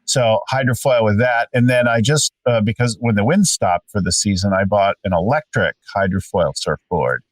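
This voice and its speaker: A man's voice: on the low side, normal speed, few pauses, no echo. Upbeat man in his fifties, distant mic. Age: 50s. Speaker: podcast co-host. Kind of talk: casual chat. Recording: dry sound, distant from the mic.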